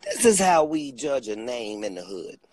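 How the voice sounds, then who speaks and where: In a sing-song voice at normal speed, with no room sound, a male comic delivers his rant. It alternates loud bursts with low asides and repeats preacher-like appeals.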